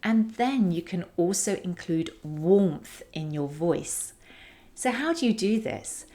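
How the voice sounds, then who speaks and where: A woman hosting a podcast, giving an instructional talk and demonstrating vocal techniques with expressive delivery. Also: fairly low pitch, slow. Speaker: podcast host.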